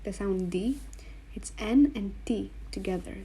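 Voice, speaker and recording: A woman with a medium-pitched, dark, slightly rough voice teaches Greek letter combinations from a board. She goes slowly and patiently, spelling out each sound and repeating it for the learner.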